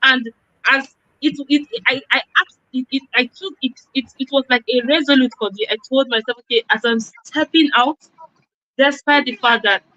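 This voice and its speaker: A woman guest speaker sharing a personal testimony in a halting way, often repeating words as she searches for them. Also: high-pitched, fairly even intonation, sharp tone, no echo, lo-fi sound. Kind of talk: testimony in a live conference talk.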